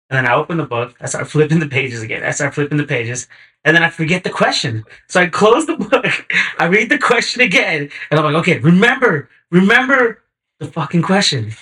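A man guesting on a podcast, telling stories in a relaxed, slangy way. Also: on the high side, brisk. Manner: laid-back, slangy, acts out quotes in animated bursts. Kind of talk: casual chat, storytelling.

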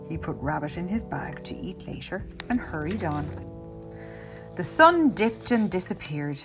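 A woman reading a picture book aloud as a bedtime story, slow and very expressive. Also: lowish voice, faint music behind.

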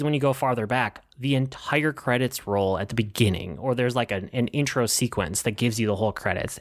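Chatty man reviewing an old film. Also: medium pitch. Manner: chatty, relaxed, frequent fillers. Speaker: podcast co-host. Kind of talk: casual movie review chat.

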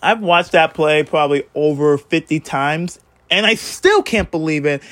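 A man giving a casual, excitable game recap as a fan vlogger, swearing freely and swinging up and down in pitch. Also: moderate pace, dry recording.

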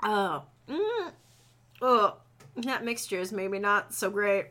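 A woman's voice: medium pitch, sing-song, takes it slowly, a bit bright. A woman reading fan fiction aloud with friends, breaking off to joke and laugh. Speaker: reader.

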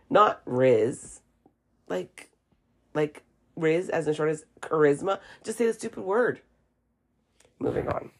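A woman with a low, gravelly voice delivers a casual opinion monologue from home. She is blunt and unfiltered and swears freely. A cough catches her now and then. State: has a cough. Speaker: vlogger.

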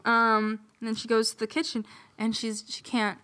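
Young woman, bright voice, kinda high, chatty and giggly, retelling a story casually. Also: monotone, normal speed. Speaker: podcast host retelling a fairy tale.

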